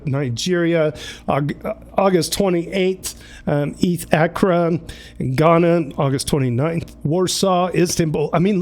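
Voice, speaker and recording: A man's voice: a little high, darkish tone. Chatty upbeat male livestream host. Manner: upbeat, chatty, reads names and announcements quickly. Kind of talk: casual livestream hosting.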